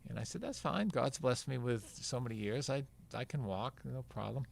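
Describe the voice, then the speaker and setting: Gravelly older man telling a story. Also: medium pitch, steady tone, moderate pace, darkish tone, slight background noise. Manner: rambling, acts out quoted dialogue. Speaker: podcast guest, veteran marathon runner. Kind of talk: casual anecdotal storytelling.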